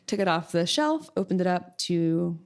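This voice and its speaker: A middle-aged woman from Oklahoma talks as a podcast guest, recalling the past. Her voice sits slightly low. She takes her time with hesitant fillers and laughs easily as she tells each story. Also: expressive, moderate pace, clear, resonant tone. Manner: reflective, many um fillers, laughs while telling stories. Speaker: podcast guest, music professor. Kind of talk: casual interview storytelling.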